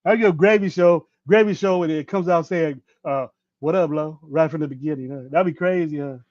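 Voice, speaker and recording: Fairly quick and a little mellow, this man's voice runs on the high side. He's a sports podcast host in his fifties on a casual livestream, ranting bluntly with plenty of profanity and rambling restarts, recorded dry on a dull lo-fi mic.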